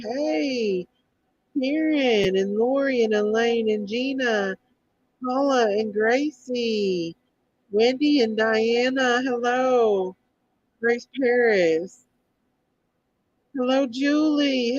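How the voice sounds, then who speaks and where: A woman's voice: on the high side, a little mellow, dull audio. A woman hosting a casual livestream, sick and recovering, greeting viewers by name. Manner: greets viewers by name one after another. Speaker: livestream host.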